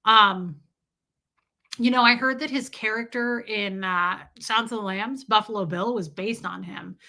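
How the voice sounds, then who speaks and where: Woman, young adult, livestream host, bright voice, rambling and emphatic. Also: medium pitch, measured pace. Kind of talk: casual livestream chat reading super chats.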